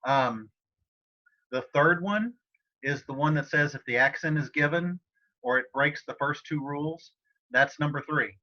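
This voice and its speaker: A man's voice: on the high side, a little slow, sharp tone. Male teacher on a slightly dull video call. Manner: casual, encouraging, talks to students by name. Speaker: Spanish teacher. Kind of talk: online class tutoring session. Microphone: computer mic on a video call.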